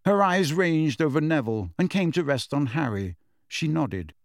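A man reading a novel aloud as narrator, in a steady, measured storytelling manner. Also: fairly high pitch, dry recording, studio quality. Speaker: audiobook narrator. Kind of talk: scripted narration.

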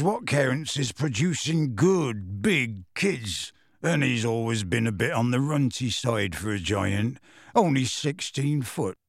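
A man voicing a big, bearded half-giant man who speaks in rough, homely grammar, earnest and close to tears. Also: medium pitch, no room sound, exaggerated voice.

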